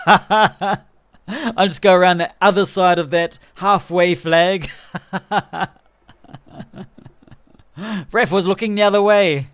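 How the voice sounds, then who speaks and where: A man streaming a rugby management game live, chatting and commentating excitedly as the match plays out. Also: high voice, slow, long pauses. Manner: excitable, chatty, laughing often.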